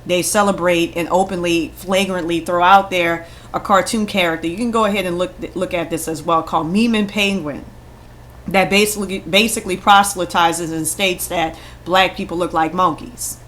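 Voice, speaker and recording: A woman's voice: on the low side, fairly even intonation, normal speed, fairly bright tone, a little hiss or hum. A woman vlogger delivering an angry, heavily profane rant straight to camera, blunt and confrontational. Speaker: vlogger responding to critics.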